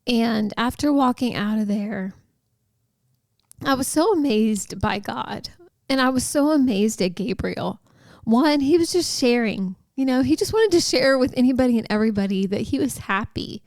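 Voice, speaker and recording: A podcast host with a fairly high, darkish voice and lively intonation talks at normal speed in a clean studio with no echo. She shares a personal faith story, heartfelt and chatty, full of likes and you-knows.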